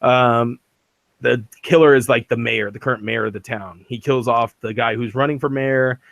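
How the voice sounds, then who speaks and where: A man's voice: mid-range voice, fairly even intonation, moderate pace, gravelly, fairly bright tone, no echo. A man hosting a podcast, reviewing a movie in casual chat and often laughing as he acts out scenes. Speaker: podcast host.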